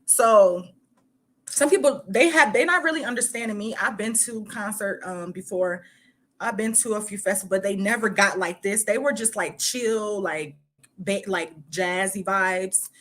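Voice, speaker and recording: A woman's voice: medium pitch, a bit bright. A woman from Michigan reads a news article aloud for her channel, stopping often to comment. Her talk is loose and chatty, full of "like" and "you know.". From Michigan, United States. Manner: halting reading broken by chatty asides full of "like". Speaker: host.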